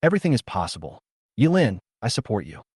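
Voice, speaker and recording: Friendly professor recruiting a student, read by a man, low and lively, dry close sound. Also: quick pace, husky, no room sound. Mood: encouraging. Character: encouraging male university professor recruiting students.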